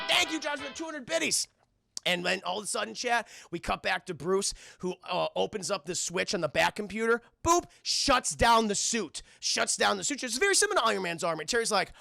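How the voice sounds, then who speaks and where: A man's voice: high-pitched, lively intonation, brisk, vocal fry, sharp tone, no echo, clean studio sound. A man streaming a cartoon episode recap, animatedly retelling scenes, acting out characters' lines and swearing as he talks to his chat. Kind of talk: excited live recap chat.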